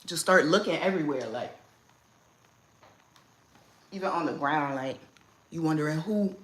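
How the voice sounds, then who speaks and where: Blunt, animated woman livestream host. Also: deep voice, moderate pace. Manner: blunt, animated, laughs often. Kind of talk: casual livestream chat.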